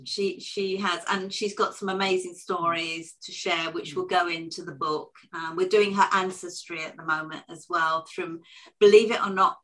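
A woman's voice: lowish voice, steady tone, normal speed, a bit bright. A woman co-hosting a podcast, chatting casually and telling a family story with fillers and restarts. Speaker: podcast co-host. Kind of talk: casual interview chat.

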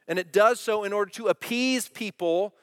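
A man's voice: sits high, normal speed, clean tone, no echo, clean studio sound. A middle-aged man preaching a sermon, earnest and direct, often asking the congregation questions. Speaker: pastor.

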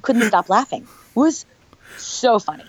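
A woman's voice: a little high, animated, a little slow, no echo. A middle-aged woman, an actress being interviewed, chatting in a bubbly, rambling way and laughing often. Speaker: actress guest. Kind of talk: casual interview chat.

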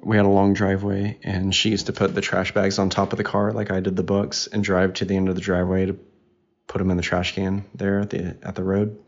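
A man's voice: low voice, completely flat delivery, a little fast. A man co-hosting a casual family podcast with his daughter, talking in a teasing, playful way. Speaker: podcast co-host, father. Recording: dull lo-fi recording.

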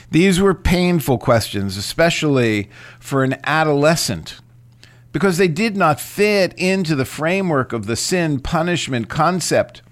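A man giving a reflective lecture on scripture, speaking in a deliberate, questioning way. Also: mid-range voice, no echo.

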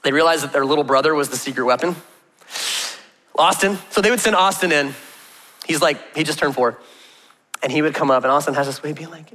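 Male pastor in his thirties, high and bright, chatty storyteller with a joking edge; long hall reverb. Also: quick pace. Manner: chatty storytelling with humor and rhetorical questions. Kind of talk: conversational sermon.

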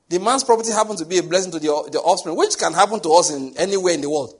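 His voice sits high and a little rough, and he talks fast: a middle-aged Nigerian man in the middle of a sermon. Stories pour out of him with vivid energy as he plays out each exchange.

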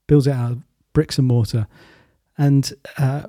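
A man telling a children's story in a relaxed, rambling way, as a talk host. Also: mid-range voice, a little slow, no room sound, clean studio sound. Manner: relaxed, rambling with fillers and restarts.

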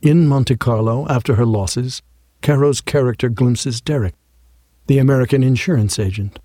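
A man narrating an audiobook in a wry, measured way, close to a studio mic. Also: mid-range voice, warm tone, dry recording.

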